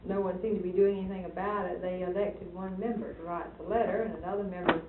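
A woman's voice: fairly low pitch, steady tone, fast. A woman chatting in a group conversation, explaining matters with small restarts and fillers. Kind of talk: casual conversation. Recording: lo-fi distant echoey archival tape with hiss.

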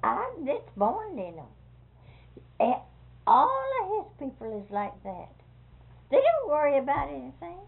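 A woman's voice: high voice, wildly swooping pitch, measured pace, gravelly, pauses often. An older woman, talking plainly in casual conversation. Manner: plainspoken, fretful. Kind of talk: casual chat. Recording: tinny phone-like recording with faint hiss.

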